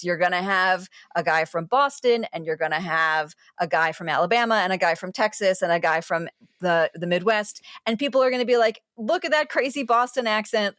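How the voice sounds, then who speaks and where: A woman, a TV critic and podcast co-host, explaining a show in animated casual chat, full of asides and restarts. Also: medium pitch, no room sound, studio quality.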